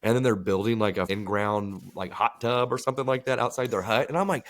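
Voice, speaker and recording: Low-voiced man telling rambling stories. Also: fairly even intonation, a little fast, hardly any pauses. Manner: rambling, profane storytelling. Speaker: podcast co-host. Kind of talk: casual chat.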